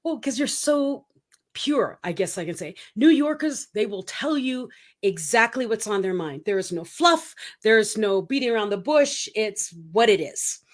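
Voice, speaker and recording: A woman's voice: medium pitch, lively intonation, normal speed. A middle-aged woman from the Philippines hosting an interview show, effusive and enthusiastic, laughing often. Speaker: show host.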